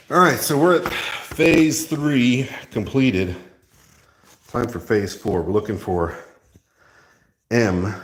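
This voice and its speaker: A man hosting his own build video, talking to viewers in a casual running chat with jokey asides while he assembles a cabinet. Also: on the low side. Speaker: maker and video host. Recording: echoey room with faint noise and clicks.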